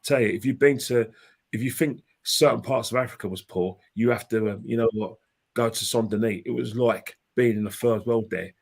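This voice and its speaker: A man's voice: medium pitch, moderate pace, gravelly. A man telling a long football story as a podcast guest, rambling and impassioned, with many restarts and repeated phrases. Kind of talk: casual anecdotal storytelling.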